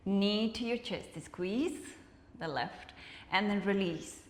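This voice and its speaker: A woman instructor calmly cueing a guided movement and breathing practice, counting reps and offering soft encouragement. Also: mid-range voice, slow. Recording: echoey room with long reverb.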